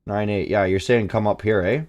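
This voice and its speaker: A young man from Canada hosts a casual live trading stream in a fairly low voice. He talks loosely to his viewers, reads their chat out, and swears freely when the market moves. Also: fairly quick, muffled recording. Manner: profane, excitable, reads chat aloud. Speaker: livestream trading host.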